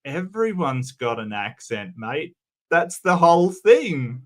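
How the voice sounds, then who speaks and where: A man's voice: a little high, big pitch swings, slow, a bit bright. Chatty man hosting a livestream. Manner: chatty, reads posts and chat aloud then riffs. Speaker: livestream host reading forum posts. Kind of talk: casual livestream commentary.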